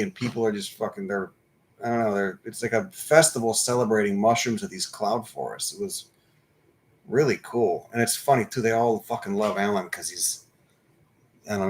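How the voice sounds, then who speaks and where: A man's voice: lowish voice, a little hiss or hum. A man in his thirties hosting a livestream. He chats casually, swears freely and drifts from topic to topic in a laid-back way. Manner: profane, digressive, laid-back storyteller. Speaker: livestream host. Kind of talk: casual rambling live-stream chat.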